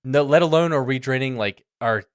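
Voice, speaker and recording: A man co-hosting a casual podcast chat, talking in excitable, rambling bursts. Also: medium pitch, a little fast, clean tone, dry recording, clean studio sound. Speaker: podcast co-host.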